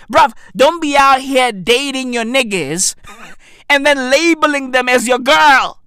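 A man doing a profane comedic rant in a mock-outraged tone, shouting at times. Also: no echo. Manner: animated, swearing, exaggerated mock outrage, repeats "bruv"; breaks into shouts and squeaky high-pitched bursts.

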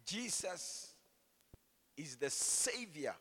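Male preacher, slightly high voice, slow delivery, playful call-and-response, hall reverb. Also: big pitch swings, bright, forceful tone, husky. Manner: call-and-response, jokes with congregation. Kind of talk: sermon with opening prayer. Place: church hall. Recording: long church hall reverb.

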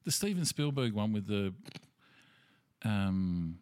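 A man co-hosting a podcast, throwing in crude, quick-witted banter. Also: on the low side, big pitch swings, a little mellow, clear, resonant tone, dry recording, studio quality. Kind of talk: casual chat.

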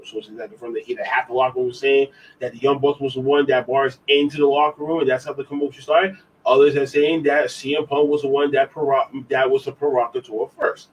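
A man's voice: medium pitch, a little fast, breathy edge, distant mic, low-quality recording. A man, a podcast co-host, giving a loose, rambling recap of backstage news and often repeating himself.

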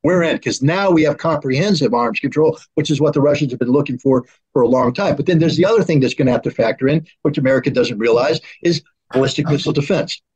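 A man's voice: mid-range voice, a little mellow, slightly rough, poor audio. A man speaking as an arms control expert, talking heatedly and acting out quoted exchanges between negotiators. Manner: acts out both sides in mock dialogue. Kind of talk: animated political discussion.

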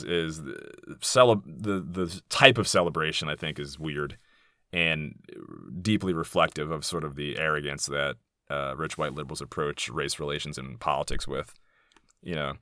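Blunt, low-voiced man in his thirties. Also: normal speed, a bit bright, clear, resonant tone, no echo, clean studio sound. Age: 30s. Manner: candid, blunt, swears freely, rambling asides. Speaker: podcast host. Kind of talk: casual monologue.

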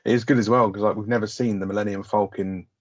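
A man's voice: fairly low pitch, steady tone, fast, dry recording, highs cut off. A man co-hosting a film podcast, chatting casually, rambling and sweary with lots of "like". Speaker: podcast co-host. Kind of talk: casual film review chat.

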